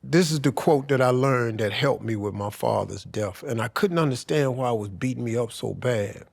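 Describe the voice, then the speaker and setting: Gravelly older man telling emotional stories. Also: medium pitch, normal speed, hardly any pauses. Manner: emotional storytelling, slangy and profane. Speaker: guest. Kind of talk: candid podcast conversation.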